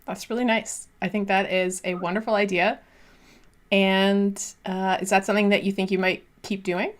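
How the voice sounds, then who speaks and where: Female co-host, chatty and giggly, mid-pitched, home mic on a video call. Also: little pitch movement, moderate pace. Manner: giggly, chatty, laughs often. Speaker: co-host of a live-stream show. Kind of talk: casual live-stream chat.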